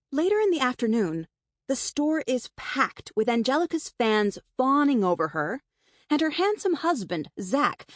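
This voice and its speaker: A fairly high-pitched woman, recorded dry on a close studio mic, reads a first-person novel aloud as an audiobook narrator. Her delivery is wry and conversational.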